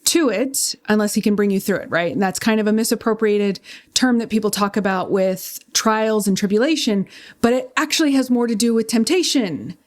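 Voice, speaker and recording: A woman's voice: mid-range voice, brisk. A woman in her thirties hosting a podcast, speaking earnestly and personally in casual conversation. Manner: earnest, personal, laughs easily. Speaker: podcast host.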